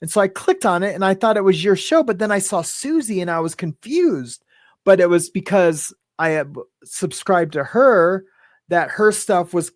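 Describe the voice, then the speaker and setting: A man's voice: high-pitched, no echo, clean studio sound. A man hosting a casual live stream, rambling, laughing often and greeting viewers in the chat by name. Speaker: livestream host.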